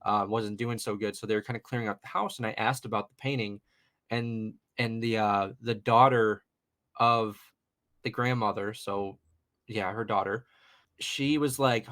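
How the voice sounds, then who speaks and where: A man's voice: mid-range voice, steady tone, normal speed, fairly bright tone. A young man in his twenties, a guest paranormal investigator, telling a personal story casually on a podcast, rambling with many fillers. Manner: chatty, rambling, lots of fillers and "you know".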